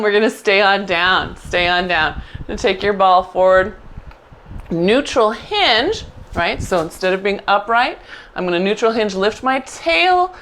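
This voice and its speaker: A middle-aged woman teaching a Pilates mat class, giving quick encouraging cues and praising often. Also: mid-range voice, fairly bright tone. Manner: encouraging, upbeat cues with frequent "good". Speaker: Pilates instructor. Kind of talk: live online class instruction.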